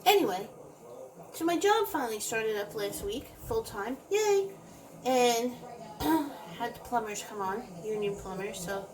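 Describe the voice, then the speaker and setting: Middle-aged woman, construction field manager, blunt and direct, slightly high voice, crowd chatter behind. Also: rough recording. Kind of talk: casual vlog chat.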